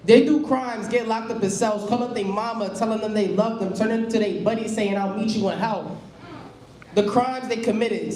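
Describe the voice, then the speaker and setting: A man's voice: high voice, a little mellow. Young man, spoken word poet, rhythmic rhyming delivery, raw and intense, stage mic, echoey live room. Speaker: performing poet. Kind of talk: spoken word poetry performance. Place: live poetry venue stage.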